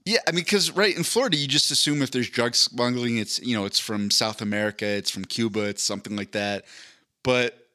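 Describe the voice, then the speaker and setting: A man's voice: medium pitch, fairly quick, sharp tone. A man hosting a podcast in casual, rambling chat, joking and swearing freely. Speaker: podcast host.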